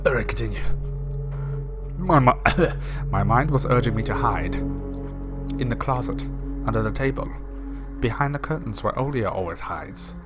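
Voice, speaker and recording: A young man reading a horror game's text aloud in a theatrical way, with quick joking asides. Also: medium pitch, expressive, over loud music. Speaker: gaming video creator.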